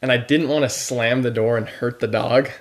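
A man's voice: medium pitch, steady tone, normal speed. A young man co-hosting a podcast, chatting casually with dry, self-deprecating humor. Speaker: podcast co-host. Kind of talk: casual chat.

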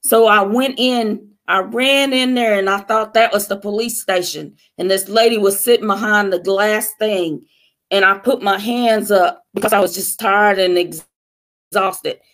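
A woman's voice: mid-range voice, unhurried, fairly bright tone. A woman sharing her personal testimony as a guest on a talk show, telling her story in an earnest, emotional way.

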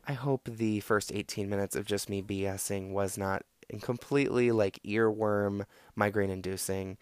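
A man's voice: on the low side, steady tone, normal speed, smooth, no echo, clean studio sound. A man hosting a casual solo talk show, giving advice in a rambling, sarcastic way with lots of fillers and restarts. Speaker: podcast host.

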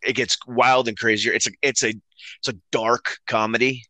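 A man in his thirties co-hosting a casual chat show, telling a family story in a relaxed, rambling way with fillers and laughs. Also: mid-range voice, normal speed, dry recording. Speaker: co-host.

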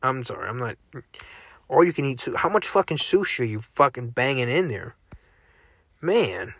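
A man's voice: medium pitch, very animated, moderate pace, fairly bright tone, slightly rough, no room sound. Guy doing a solo podcast, swears a ton, voice jumps all over, dry sound. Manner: profane, joking, reacting aloud while browsing online. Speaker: podcast host. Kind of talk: casual solo podcast commentary.

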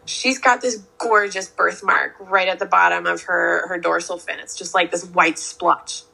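Young woman, boat crew, casual storyteller; gravelly fry in a bright voice, easy "like"-filled telling. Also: on the low side, unhurried, poor audio. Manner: relaxed anecdote-telling with "like" fillers. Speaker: whale-watching boat crew.

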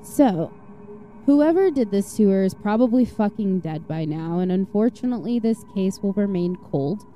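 A woman's voice: medium pitch, expressive, normal speed, dark tone, soft background music. A woman hosting a true-crime podcast, telling the story in a casual, blunt way with frequent swearing and sarcastic asides. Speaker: podcast host.

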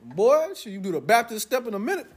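A young man preaching a sermon to his congregation, loud and playful, joking with them as he goes. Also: high voice, big pitch swings, fast talker, background noise. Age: young adult.

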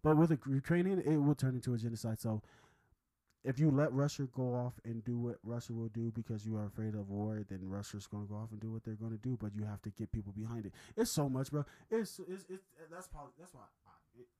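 A man talking fast and heatedly in a casual podcast chat, swearing and repeating himself. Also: medium pitch, warm tone, poor audio. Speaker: podcast co-host.

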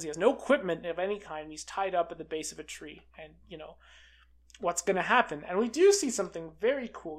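A film reviewer recapping a movie in a casual, excitable way, full of fillers like "uh" and "like". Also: mid-range voice. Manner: chatty and excitable, with many fillers like "uh" and "like".

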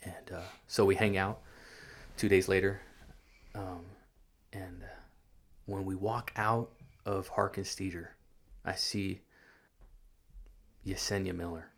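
A man with a low, gravelly voice tells a personal story in an easy, conversational way. He stumbles and repeats his words as he goes, and he acts out the lines of the people in his story. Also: steady tone. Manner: halting, repeats words, acts out quoted speech. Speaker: guest sharing his testimony.

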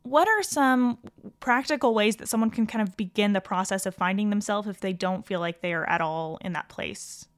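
A woman hosting a podcast, who reflects back on what her guest says in an affirming way full of soft hedges. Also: mid-range voice, moderate pace, few pauses. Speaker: podcast host. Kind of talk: podcast interview.

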